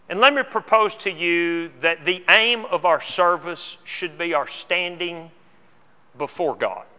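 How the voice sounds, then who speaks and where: Male preacher, earnest sermon, stumbling restarts, high voice, echoing church hall. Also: bright, forceful tone. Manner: earnest, repeats words when restarting. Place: church auditorium. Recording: long hall reverb.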